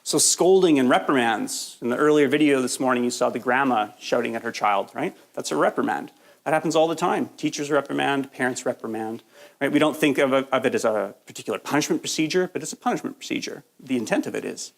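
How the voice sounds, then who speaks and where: A man's voice: mid-range voice, fast talker, creaky. Man, workshop lecturer, getting over a cold, mid-range voice, conversational, joking, checks in with the audience. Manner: conversational, jokey, keeps asking "right?". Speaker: workshop presenter. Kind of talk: live training lecture.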